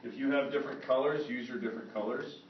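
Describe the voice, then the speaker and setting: A man's voice: medium pitch, fast, background noise. A man teaching a Spanish grammar lesson to a classroom and often asking if students follow. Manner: lively, checks understanding often. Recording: echoey classroom, far from mic, dull.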